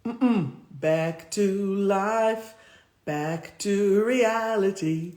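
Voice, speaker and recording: Woman reading cards with slow emphasis. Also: mid-range voice, darkish tone. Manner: emphatic, repeats affirmations slowly. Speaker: spiritual coach hosting a live stream. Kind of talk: live-stream card reading with affirmations. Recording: roomy echo.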